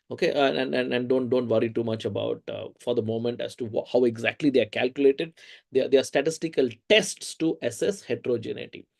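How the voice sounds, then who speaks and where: A man with an Indian English accent teaching a research methods course in a lively, conversational way, often asking the audience questions. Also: medium pitch, vocal fry. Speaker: lecturer.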